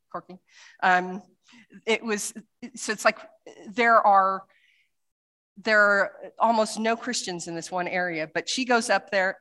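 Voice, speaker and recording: A woman missionary giving a church talk with slides, chatty and hesitant, full of fillers and restarts, acting out quotes as she tells stories. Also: medium pitch. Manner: lively storytelling with acted quotes. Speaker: missionary speaker.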